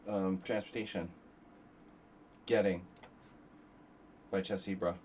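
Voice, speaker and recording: A man's voice: low-pitched, steady tone, slow pace, darkish tone, slight background noise. A man hosting a live chess stream, thinking aloud through move lines with rambling asides. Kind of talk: live-stream commentary while playing.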